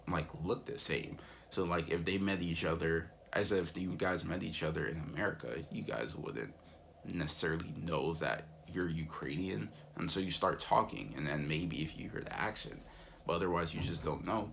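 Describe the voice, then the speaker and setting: A young man vlogging, casually telling stories with a relaxed, rambling manner full of fillers. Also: deep voice, vocal fry, slight background noise. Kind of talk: casual storytelling vlog.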